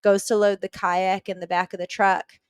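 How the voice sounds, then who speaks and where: A woman from New Zealand, a podcast guest, earnestly retelling a personal story with quick restarts. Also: medium pitch, flat delivery, clean tone, no echo.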